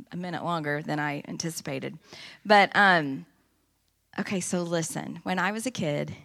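A middle-aged woman with a low voice and vocal fry gives a personal testimony at church, telling her story earnestly and with animation.

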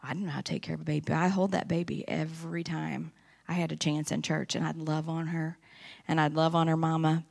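A middle-aged woman giving a personal testimony at church, telling her story in an earnest, animated way. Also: low voice, brisk, gravelly.

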